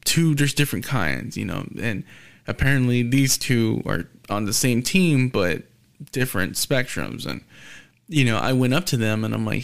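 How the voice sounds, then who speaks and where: Male podcast host, gravelly voice, casual storyteller who acts out the people he quotes. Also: medium pitch, normal speed.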